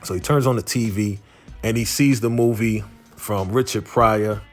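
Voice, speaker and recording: A man's voice: fairly low pitch, fairly even intonation, normal speed, soft background music. A man casually recapping a TV episode in slangy storytelling, acting out the characters' lines. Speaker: YouTube show recapper.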